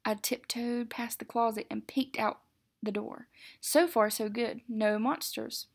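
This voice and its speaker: A woman teacher reading a picture book aloud, expressive, with occasional self-corrections. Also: on the high side, a little slow, vocal fry, slightly rough.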